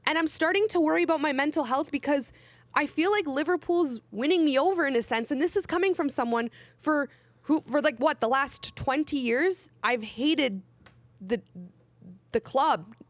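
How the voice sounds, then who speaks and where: Young woman, higher voice, dry close sound; chatty podcast host who gets emotional and laughs. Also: moderate pace, no echo. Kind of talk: casual chat.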